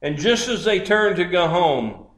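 Preacher, male, high and unhurried, dramatic storyteller, roomy echo. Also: big pitch swings. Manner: dramatic storytelling, voicing characters in quotes. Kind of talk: sermon.

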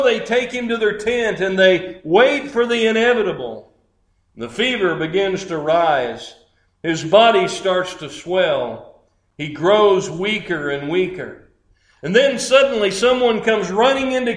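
A man's voice: high-pitched, lively intonation, unhurried. A man preaching a sermon, telling stories dramatically and acting out the people in them. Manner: dramatic storytelling, voicing characters in quotes. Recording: roomy echo.

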